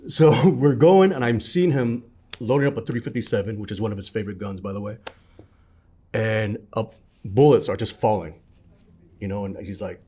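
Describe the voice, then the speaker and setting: Low-voiced man telling a childhood story. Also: a little fast. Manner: animated storyteller, acts out others' lines with sudden loud bursts. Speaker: interview guest. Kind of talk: recounting a childhood memory.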